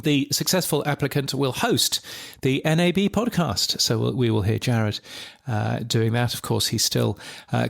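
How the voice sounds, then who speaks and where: A man's voice: mid-range voice, gravelly. A man hosting a podcast news roundup in a casual, rambling way, full of ums and dry jokes.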